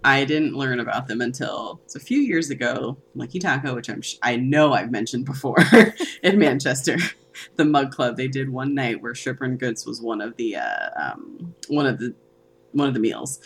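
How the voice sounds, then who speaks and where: A woman's voice: extremely low pitch, lively intonation, normal speed, breathy edge. A woman co-hosting a podcast, enthusiastic and full of fillers and agreeing sounds. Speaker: podcast co-host. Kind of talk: casual chat.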